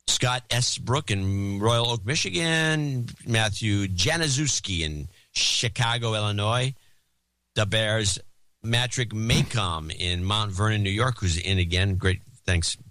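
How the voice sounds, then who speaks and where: A man's voice: lowish voice, animated, takes it slowly, pushed and bright, dry recording. A man co-hosting a podcast, reading out donor names in casual banter and joking as he stumbles over foreign names. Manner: jokey, mangles and repeats foreign names. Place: Oakland, California.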